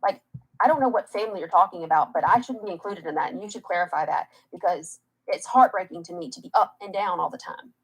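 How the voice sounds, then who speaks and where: A young woman talks fast in an interview, her voice dropping into gravelly fry. She rambles, hurt and defensive, about being caught up in family trouble. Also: on the low side, low-quality recording. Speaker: interviewee in a played clip. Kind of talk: personal interview answer.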